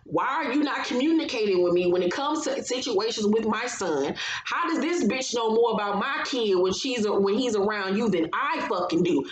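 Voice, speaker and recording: A woman's voice: on the high side, animated, normal speed, hardly any pauses, reverberant, a crowd in the background, rough recording. A woman recapping a reality show in casual commentary, blunt and profane, getting heated as she gives her opinions.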